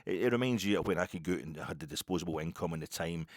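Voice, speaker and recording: A man's voice: sits low, racing, dry recording, studio quality. An older Scottish man hosting a football podcast, in a rambling, wry post-match monologue. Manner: rambling, wry, restarts a lot.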